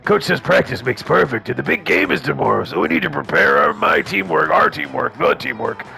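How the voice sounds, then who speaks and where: A man's voice: fairly high pitch, animated, a little fast, gravelly, sharp tone, full character voice. A man voicing an eager, awkward werewolf teen. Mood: earnest. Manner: eager, rambling, oblivious.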